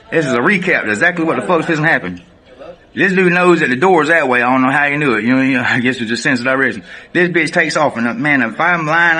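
A man with a Southern American accent, casually telling a profane, animated prison story straight to the camera and laughing often. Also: medium pitch.

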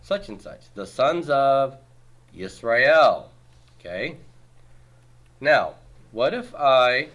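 A man's voice: medium pitch, a bit bright. A man teaching a Hebrew grammar class, explaining patiently and quizzing his students with questions and homely comparisons.

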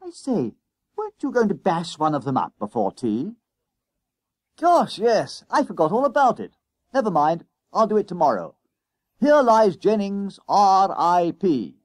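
A man's voice: high-pitched, sing-song, a little slow, dry recording, voice pushed up, heavily acted. A man voicing a jeering, bullying schoolboy. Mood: gloating.

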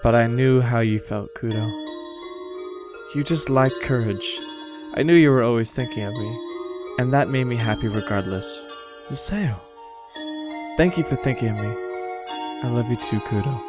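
A man reading the lines of a gentle young ghost girl in a horror game, speaking softly and slowly. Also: medium pitch, over music, natural voice. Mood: tender. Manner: soft, forgiving.

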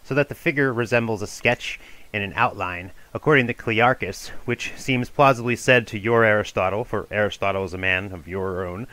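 A man giving a measured, formal audiobook reading of an ancient philosophical dialogue. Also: fairly low pitch, bright, forceful tone, poor audio. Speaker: reader of a classical dialogue.

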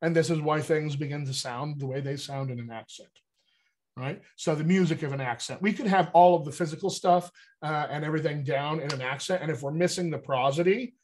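A man's voice: fairly high pitch, a little fast. A man working as a dialect coach, explaining accent work in a casual, upbeat teaching manner with conversational fillers.

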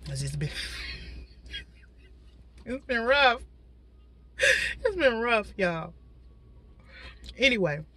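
A woman talks to her viewers from a parked car, chatty and direct with frequent asides. Her tone is bright and forward, with a slight stuffiness left over from a cold. A faint hum of noise sits under the voice. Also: fairly low pitch. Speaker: vlogger. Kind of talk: casual talking mukbang chat.

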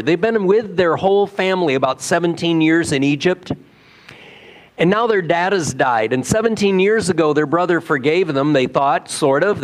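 A male pastor preaching a sermon in a church, telling a story in a conversational way with rhetorical questions. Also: fairly high pitch. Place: church sanctuary.

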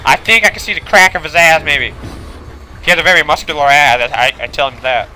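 A man playing a horror video game, commentating with panicky swearing, switching between yelling and muttering. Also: on the high side, a little fast. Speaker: gaming video host.

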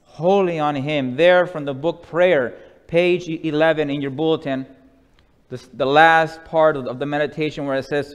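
A man preaching a sermon slowly and deliberately, sometimes dropping to a soft hush. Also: fairly high pitch, fairly even intonation, smooth. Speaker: pastor. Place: church sanctuary. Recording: long church reverb.

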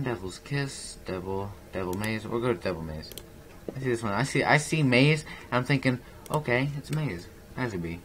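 A young man with a fairly low voice talks through a video game in casual, rambling commentary. He mocks himself and breaks into excitable bursts. A faint hiss sits under the recording. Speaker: gaming YouTuber.

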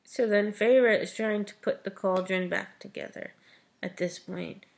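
A woman's voice: medium pitch, fairly even intonation, unhurried, creaky. A woman retelling a novel's plot in a chatty book review vlog, often saying "like" and "you know".

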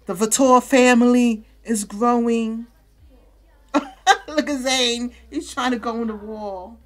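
A woman's voice: a little high, takes it slowly. A young woman hosting a let's-play video, chatting casually in slang and talking to her game characters. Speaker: gaming channel host.

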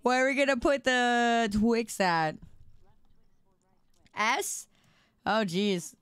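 A woman's voice: fairly high pitch, lively intonation, takes it slowly, fairly bright tone, smooth. A woman streamer chatting playfully with her viewers, repeating words in a sing-song drawl. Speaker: livestreamer. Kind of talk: casual live-stream chat.

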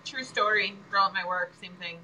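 A woman co-hosting a casual chat, quick to laugh and offering short supportive remarks. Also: mid-range voice, bright, forceful tone, rough recording. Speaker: co-host.

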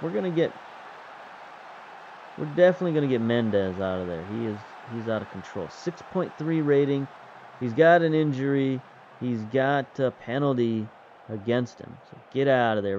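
A man's voice: medium pitch, a little mellow, lo-fi sound, a little hiss or hum. A man giving casual, wry play-by-play commentary while playing a football management game. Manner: wry, chatty, self-mocking. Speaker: gaming video host.

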